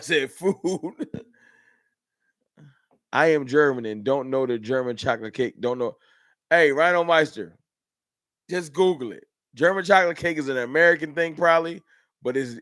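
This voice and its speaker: A man's voice: fairly high pitch, moderate pace, long pauses, fairly bright tone, no room sound, studio quality. A man hosting a casual livestream, chatting in a laid-back way and reading out and answering viewer comments. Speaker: livestream host.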